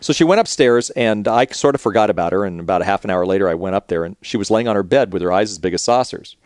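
A middle-aged man hosting a radio show, telling a candid personal story in relaxed conversation. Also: on the low side, no room sound, studio quality. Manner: candid, storytelling, quick-paced.

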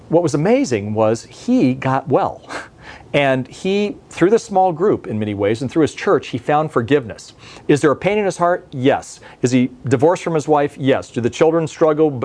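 A man preaches from a studio in a relaxed, conversational way. His voice sits at an ordinary middle pitch. He tells a story at length and pauses on questions to his listeners. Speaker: pastor. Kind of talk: televised sermon.

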